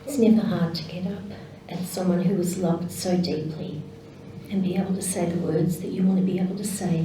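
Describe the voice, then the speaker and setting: A woman with an Australian accent, slowly reading tributes as celebrant at a memorial service. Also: fairly low pitch, steady tone, warm tone, slight background noise. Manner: slow, measured reading. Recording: very echoey hall, voice from a distance.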